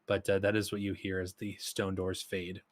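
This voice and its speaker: Low-voiced man narrating a tabletop game. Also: normal speed, no echo. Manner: relaxed descriptive narration with fillers. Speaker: game master.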